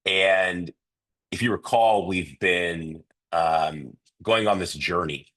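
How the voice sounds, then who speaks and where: A man's voice: deep voice, slow, fairly bright tone. A man with a nasal voice, hosting an online coaching session for real estate agents over a video call, chatty and loose with lots of fillers.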